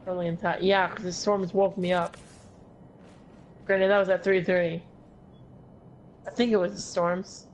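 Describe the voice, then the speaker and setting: A woman's voice: on the low side, flat delivery, moderate pace, pauses often, slight background noise, rough recording. A tired woman chatting casually while playing an online game, swearing now and then. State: tired, yawning. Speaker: co-player on a gaming stream. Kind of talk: casual chat while gaming.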